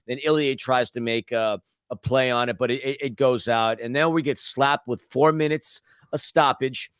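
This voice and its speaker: A man's voice: medium pitch, fairly bright tone, no echo. A man co-hosting a podcast, recapping a soccer match in casual chat with blunt rants and sarcastic asides. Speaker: podcast co-host.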